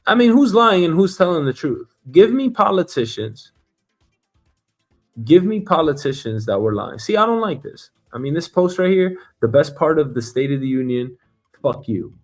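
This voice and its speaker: A man hosting a casual news commentary show, talking bluntly and profanely with animated asides. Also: on the high side, moderate pace, faint music behind. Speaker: show host.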